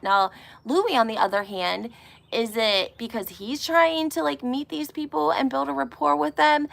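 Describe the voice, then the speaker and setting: Woman, live-stream gossip vlogger, casual chat, gravelly edge, bright tone, keeps asking "right?". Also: medium pitch. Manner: chatty, keeps checking in with "okay?" and "right?".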